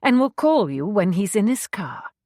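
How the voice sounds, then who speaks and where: A woman's voice: mid-range voice, big pitch swings, moderate pace, darkish tone, no echo, studio quality, voice pushed up. A woman voicing an officious older secretary from London, prim and lecturing, with a London accent.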